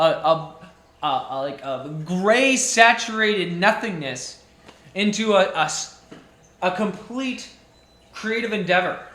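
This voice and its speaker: A man's voice: sits high, expressive, slow pace, bright, forceful tone, roomy sound. A young man, a jeweller, giving an impassioned monologue to camera, ranting with emphatic repetition and frequent restarts.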